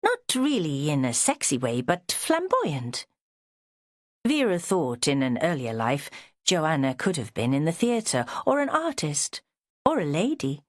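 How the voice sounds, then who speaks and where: A woman reading an audiobook in measured, expressive scripted narration. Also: sits low, no room sound, clean studio sound.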